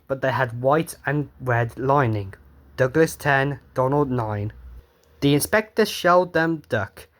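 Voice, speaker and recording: A man casually reading his own storybook tale aloud, offhand and sweary, stumbling over words. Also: mid-range voice. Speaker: reader.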